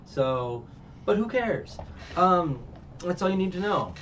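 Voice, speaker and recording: A man's voice: sits high, very animated, takes it slowly, fairly bright tone. A man casually recapping a show as a reviewer, rambling with many fillers and restarts. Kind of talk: casual chat. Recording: muffled distant mic, faint background noise.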